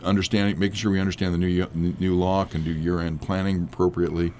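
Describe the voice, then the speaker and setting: A hoarse man with a cold, an accountant guest on a radio show, talking casually with frequent restarts. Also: sits low, little pitch movement, darkish tone, slight background noise. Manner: halting, many restarts.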